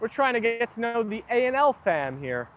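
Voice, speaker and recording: A man's voice: extremely high pitch, sing-song, normal speed. A young man hosting a casual livestream, chatting and reading viewer comments aloud. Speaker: livestream host. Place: outdoors near a garden.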